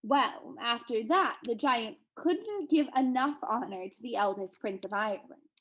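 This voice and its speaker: A woman librarian reading a folktale aloud in an expressive storybook manner. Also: fairly high pitch, measured pace, low-quality recording.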